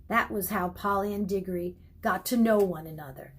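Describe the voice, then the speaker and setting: A woman reading a children's novel aloud in calm, expressive narration. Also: mid-range voice, brisk, breathy edge. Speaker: audiobook reader. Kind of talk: storybook narration.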